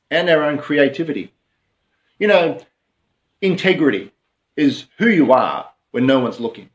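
A man in Australia giving a reflective devotional sermon, often repeating and restarting his phrases. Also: mid-range voice. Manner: reflective, repeats and restarts phrases, speaks slowly at key points. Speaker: pastor.

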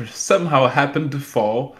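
A man's voice: mid-range voice, normal speed, a bit bright. A young man chatting casually, rambling and joking with lots of fillers. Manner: rambling, jokey, filler-heavy. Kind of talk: casual chat.

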